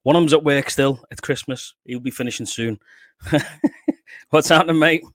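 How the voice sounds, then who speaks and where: A man's voice: medium pitch, a little slow, dry recording, clean studio sound. A man in his forties with a Liverpool accent hosts a casual live stream. He chats, swears freely and laughs often. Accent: Liverpool English. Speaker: podcast host.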